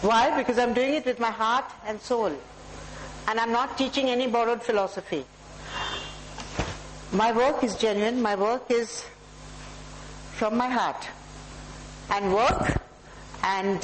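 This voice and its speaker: A woman's voice: a little high, a little hiss or hum, low-quality recording. Indian woman giving a live motivational talk. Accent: Indian English. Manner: warm, direct, addresses audience members by name. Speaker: motivational speaker. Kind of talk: live talk to a small audience. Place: talk room with live audience.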